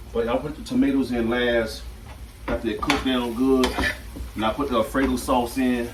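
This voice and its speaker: A man chats loosely while cooking at home by the stove, often circling back and repeating himself in a relaxed, chatty way. He's a home cook and channel host giving a casual cooking demonstration, with a middling pitch. The mic sits at a distance, so the sound is roomy and noisy, with frying food sizzling loudly in the pan.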